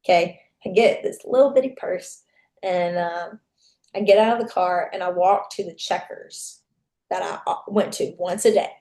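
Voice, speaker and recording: A woman's voice: fairly low pitch, normal speed, darkish tone. A young adult woman, a podcast guest, tells a personal story frankly, swearing freely and acting out what people said. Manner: candid, profane, reenacts dialogue. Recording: echoey room.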